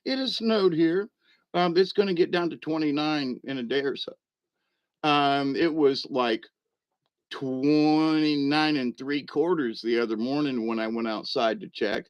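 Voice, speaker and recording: A middle-aged man rambles through an irreverent comic monologue in a folksy way, often chuckling at his own jokes. His voice sits a little high for a man. The sound is dry, with no room echo. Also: measured pace, muffled recording. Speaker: vlog host.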